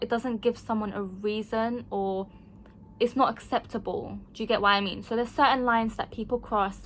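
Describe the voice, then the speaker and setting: A young woman chats to her camera, telling stories in an animated, outspoken way. Her voice sits a little higher than most. A faint background hum runs under the talk. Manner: animated storytelling, frank and emphatic, acts out quoted voices. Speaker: vlogger. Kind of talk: casual chat to camera.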